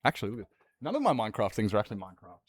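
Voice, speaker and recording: A man's voice: fairly low pitch, wildly swooping pitch, racing, husky, no room sound. A young Australian man chatting casually on a livestream, swearing freely and laughing often. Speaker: streamer.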